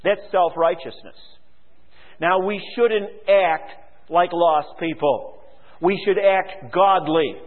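A man preaching a sermon as pastor, his voice pitched high and fervent as he fires questions at the congregation and reads scripture aloud. The sound is thin and phone-like, trailing off into a long hall echo. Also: slow.

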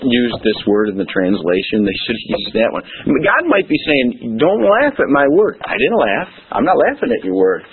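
A man's voice: medium pitch, breathy edge. A man pastor teaching a Bible study in a conversational way, putting questions to his congregation. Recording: tinny phone-like sound.

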